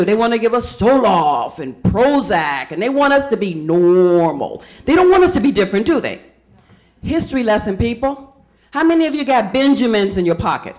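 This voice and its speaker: Female stand-up comic, high and very animated, chatty, quizzes the audience. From Indiana, USA. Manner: chatty, quizzes the crowd with questions. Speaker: stand-up comedian. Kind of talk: stand-up comedy set.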